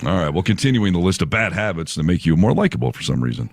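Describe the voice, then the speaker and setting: A man's voice: low-pitched, big pitch swings, fast talker, vocal fry, no echo. A man co-hosting a casual podcast, reading items from a list and joking, often laughing at himself. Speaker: podcast co-host.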